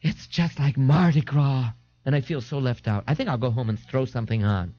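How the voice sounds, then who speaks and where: A flamboyant young dandy gushes in a high, swooping, sing-song voice full of breathy gasps and theatrical delight. He teases with mock horror, and every phrase swings up and down. The dry, slightly dull 1989 audiobook tape sits close and unadorned. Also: very animated, moderate pace. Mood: breezy. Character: flamboyant, giddy young man, teasing and theatrical. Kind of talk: audiobook character voice.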